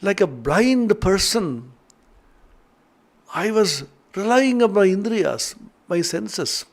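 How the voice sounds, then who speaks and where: A man's voice: high-pitched, big pitch swings, slow, long pauses. An older man, a monk, giving an earnest spiritual lecture with chanted verses and emotional storytelling.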